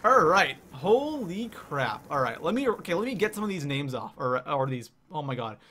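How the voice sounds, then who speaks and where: A young man from Canada hosting a live game stream, excitedly reading the chat out loud. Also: a little high, a little fast.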